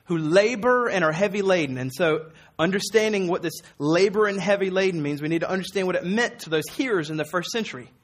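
Earnest high-voiced man preaching a sermon. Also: expressive, fast talker. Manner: earnest and emphatic, quoting Jesus with rising force; conversational, with repeated words and fillers. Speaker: pastor.

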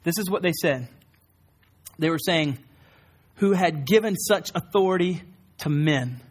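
A man's voice: fairly high pitch, unhurried. A man in his thirties preaching an earnest sermon in a church, acting out quoted lines and building up emphasis. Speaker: pastor.

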